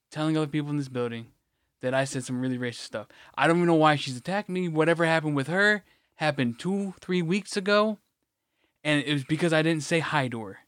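Guy ranting on a podcast, swears a lot, kinda high voice, dry sound. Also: fairly bright tone, dry recording. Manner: profane, ranting storyteller. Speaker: podcast co-host. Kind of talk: casual chat.

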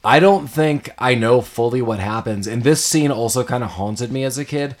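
A man's voice: mid-range voice, normal speed. A man and parent, casually chatting about a film as co-host, laughing often and loosely paraphrasing scenes. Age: adult parent. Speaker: podcast co-host.

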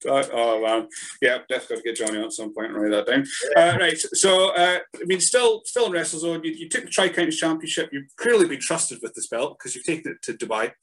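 A man hosting a podcast in a casual, conversational manner, chuckling easily as he asks questions. His voice sits slightly high for a man. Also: fairly quick, fairly bright tone, rough recording. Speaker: podcast host. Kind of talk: casual interview.

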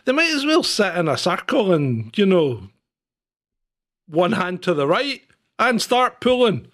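A man's voice: high-pitched, very animated, unhurried, fairly bright tone. A man co-hosting a podcast, grumbling sardonically and swearing in casual banter. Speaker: podcast co-host.

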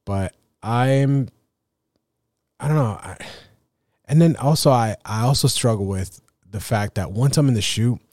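A man's voice: medium pitch, unhurried, a little mellow, no room sound, studio quality. A man hosting his own photography podcast, talking in a rambling, self-deprecating way with many fillers and restarts. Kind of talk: casual solo podcast monologue.

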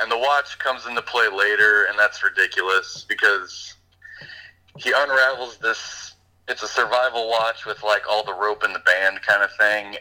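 Podcast co-host, male, lower pitch, crisp forward tone, loose chatty storytelling. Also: rough recording. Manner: rambling, animated retelling with fillers. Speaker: podcast co-host reviewing a movie. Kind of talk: casual chat.

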